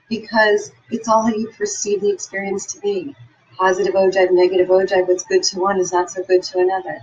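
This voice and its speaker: A woman's voice: low-pitched, husky, lo-fi sound. A woman giving an upbeat, encouraging motivational talk and telling personal stories. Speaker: motivational speaker.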